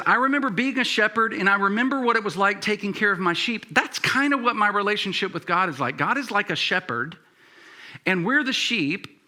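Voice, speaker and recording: A man's voice: sits high, sharp tone. A man preaching a sermon as pastor, conversational, with many fillers and restarts.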